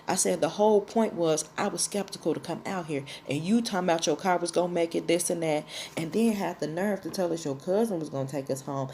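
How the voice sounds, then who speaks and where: A woman's voice: on the low side, a little fast, hardly any pauses, mellow, slight background noise. A woman vlogger telling a personal story in a blunt, profane, casual way.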